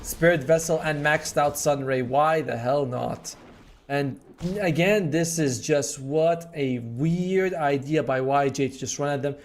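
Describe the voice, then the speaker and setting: A man giving analytical color commentary on a live esports match. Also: unhurried. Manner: analytical color commentary with lively swings in pitch. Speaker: esports caster.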